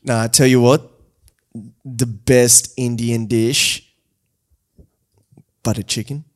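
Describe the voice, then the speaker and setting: A man hosting a podcast in casual chat, jokey and quick to laugh. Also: mid-range voice, little pitch movement. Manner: jokey, bursts into laughter and silly put-on voices. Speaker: podcast host.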